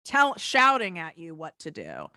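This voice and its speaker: A middle-aged woman business coach speaking as a podcast guest, earnest and animated, often acting out the voices in her head. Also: low-pitched, a little slow. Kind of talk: conversational interview.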